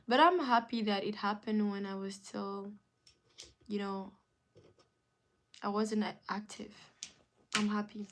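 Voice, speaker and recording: A woman's voice: mid-range voice, fairly even intonation, slow, long pauses, fairly bright tone. A woman hosting a live stream in casual chat, answering viewer comments with emphatic, repeated phrases.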